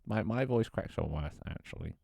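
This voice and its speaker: A man's voice: on the low side, animated, normal speed, creaky, a little mellow, no echo. A man thinking aloud on a livestream as he builds a game level, muttering to himself, swearing often, joking with his chat, and his voice cracks now and then. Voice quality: voice cracks at times.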